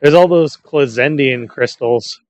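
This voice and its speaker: A man's voice: medium pitch, a little slow. Laid-back, swearing gamer guy. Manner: profane, laid-back storytelling. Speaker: gamer in a group. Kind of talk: casual voice chat while gaming.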